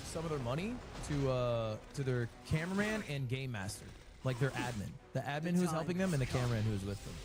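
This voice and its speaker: A man chatting casually on stream, rambling through his thoughts with lots of fillers. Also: mid-range voice. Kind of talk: casual chat.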